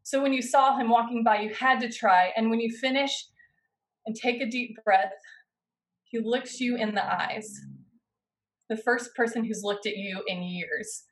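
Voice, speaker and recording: A woman pastor preaching a sermon, guiding her listeners through a scene in the second person with slow, dramatic pauses. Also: fairly high pitch, poor audio. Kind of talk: sermon with guided imaginative narration.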